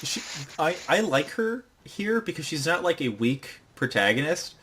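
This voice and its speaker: A man's voice: on the high side, very animated, moderate pace, fairly bright tone, breathy edge. A man co-hosting a podcast, casually recapping an anime scene by scene and acting out the characters' lines with gusto. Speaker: podcast co-host.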